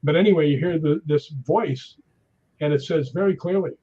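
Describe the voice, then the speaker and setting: A middle-aged man, a stuntman guest, telling animated anecdotes in a casual conversation. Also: fairly high pitch, moderate pace, slightly rough. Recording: dull lo-fi sound.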